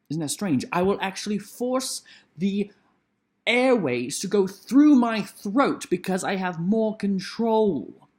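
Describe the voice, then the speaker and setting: Male vlogger at home on a computer mic, playful and theatrical, pitch leaping all over. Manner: playful, theatrical, swings widely in pitch and loudness. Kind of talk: casual talk to camera.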